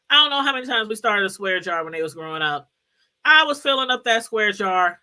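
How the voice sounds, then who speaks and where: Animated high-voiced middle-aged woman host. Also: brisk. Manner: animated, chatty, laughs often and greets viewers by name. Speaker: YouTube commentary host. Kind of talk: casual commentary to viewers.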